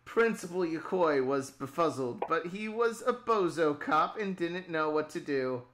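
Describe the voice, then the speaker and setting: A woman's voice: sits low, lively intonation, measured pace, noisy background. A woman telling a comedic improvised story on a stream, often breaking into giggles.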